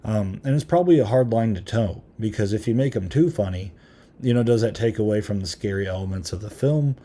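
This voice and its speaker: A podcast host gives a casual movie review, rambling with many filler "um"s and chuckling now and then. His voice is on the low side, animated and brisk, with a dark tone.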